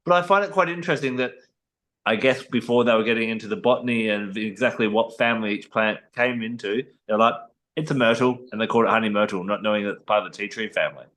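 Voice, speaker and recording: Aussie guy cohosting a chat, thinks out loud, lots of ums. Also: on the low side, fast. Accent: Australian. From Western Australia. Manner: thoughtful, explains with many fillers. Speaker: podcast co-host. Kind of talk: casual chat.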